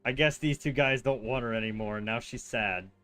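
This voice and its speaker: A man's voice: medium pitch, fairly quick, pushed and bright, soft background music. A man streaming a game, chatting casually, teasing his chat and laughing often. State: yawning, a little dry-mouthed. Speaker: livestreamer playing a game. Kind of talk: casual gameplay commentary.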